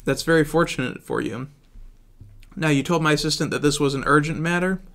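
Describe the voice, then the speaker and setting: Brief: skeptical archivist lady, a man reads it flat, gum in mouth. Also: on the high side, brisk. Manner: plain, flat line reading. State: chewing gum, mouth full. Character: poised, skeptical female archivist.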